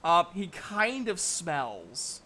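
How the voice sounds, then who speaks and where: A man narrating as game master of a tabletop game, halting with many fillers and giggles. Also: sits high, wildly swooping pitch, sharp tone, a little hiss or hum.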